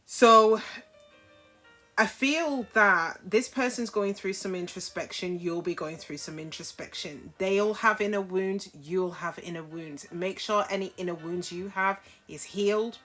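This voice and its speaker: A woman's voice: on the low side, a little slow, sharp tone, faint music behind. Chatty woman reading tarot cards. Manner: chatty, frank, checks in with "okay?". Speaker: tarot reader. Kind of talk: casual tarot reading to camera.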